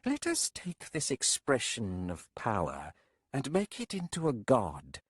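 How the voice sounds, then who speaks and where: A man voicing a cold, solemn female witch in an audiobook, speaking slowly and deliberately. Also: medium pitch, wildly swooping pitch, slightly rough, no room sound, studio quality, voice pushed up, exaggerated voice. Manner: slow, measured, solemn. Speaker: audiobook narrator. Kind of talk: audiobook character voice.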